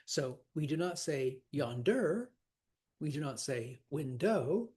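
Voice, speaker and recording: A man's voice: mid-range voice, moderate pace, a little mellow, husky. A man teaching a lesson on verse scansion, chatty and demonstrative, sounding out rhythms aloud.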